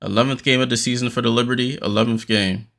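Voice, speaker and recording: A man hosting a watchalong stream, giving casual play-by-play commentary, a little out of breath and getting more energetic on big plays. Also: medium pitch, fast talker, creaky. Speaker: watchalong host.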